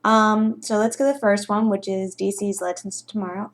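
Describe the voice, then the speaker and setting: A young woman reacting to a trailer in casual, sarcastic, excitable fan chatter. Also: mid-range voice, brisk.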